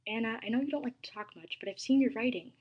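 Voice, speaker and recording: A woman reads the lines of a patient teacher who coaxes a quiet student along. Her voice is soft and breathy, and she speaks in a mild, encouraging storybook tone. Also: fairly high pitch, fast talker, lo-fi sound. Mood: coaxing. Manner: gentle, coaxing.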